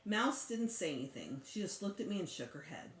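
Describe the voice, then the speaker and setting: A teacher reading a children's chapter book aloud with expressive, animated storytelling. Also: female voice, mid-range voice, brisk. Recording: echoey room.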